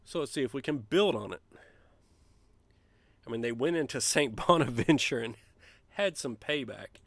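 A man streaming a college basketball management game, chatting casually and shouting gleeful trash talk when his team wins. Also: mid-range voice, expressive, normal speed, dry recording. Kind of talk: let's play commentary.

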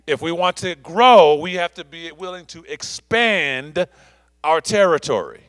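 A man's voice: fairly high pitch, expressive, a little slow, a bit bright, no echo. A man preaching a sermon as pastor, stretching out key words and repeating phrases for emphasis. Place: church sanctuary.

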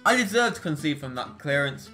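A young man commentating live on his own football video game matches, excitable and swinging between groans and shouts. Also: on the high side, a little fast, faint music behind. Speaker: gaming YouTuber.

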